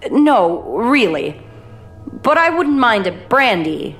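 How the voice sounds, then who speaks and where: A woman's voice: fairly high pitch, sing-song, slow, fairly bright tone, soft background music, pitched above the performer's own voice, heavily acted. A woman reading a secretive wife with a tremulous, guarded voice. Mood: strained.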